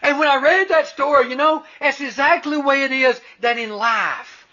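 A man's voice: very high-pitched, moderate pace, hardly any pauses, sharp tone. An older man preaching a sermon, earnest, with stumbling restarts and emphatic peaks. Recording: dull lo-fi recording.

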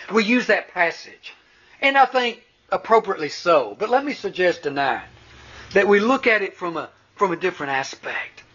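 Older guy preaching, high bright voice, earnest, stumbles over words, muffled lo-fi sound. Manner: earnest, stumbling restarts, rising to emphatic peaks. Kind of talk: sermon. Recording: dull lo-fi recording.

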